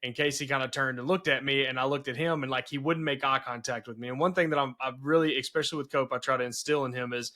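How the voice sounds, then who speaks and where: A man's voice: medium pitch, fairly even intonation, fast, hardly any pauses, bright, forceful tone. A man hosting a podcast and telling family stories earnestly, with many restarts. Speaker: podcast host. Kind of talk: casual conversation.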